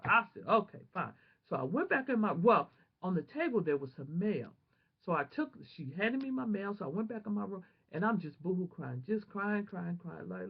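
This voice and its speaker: Husky, animated woman telling her story. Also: mid-range voice, brisk, narrow, tinny audio. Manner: animated, emotional, prayerful storyteller. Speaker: vlogger. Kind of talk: personal testimony storytelling.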